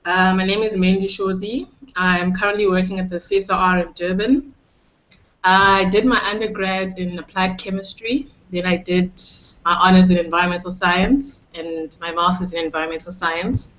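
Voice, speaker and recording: A woman's voice: on the low side, steady tone, moderate pace, fairly bright tone. A woman introducing herself as a scientist on a video call, chatty and self-mocking with frequent laughter. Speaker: panel guest, scientist. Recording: dull lo-fi call audio.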